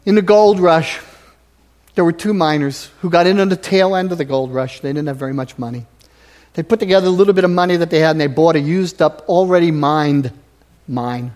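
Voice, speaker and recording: High-pitched preacher guy in a church, big loud pushes then goes almost whisper quiet. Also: a little fast. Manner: emphatic, swinging from loud exhortation to near-whispers. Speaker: pastor. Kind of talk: sermon. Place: church sanctuary.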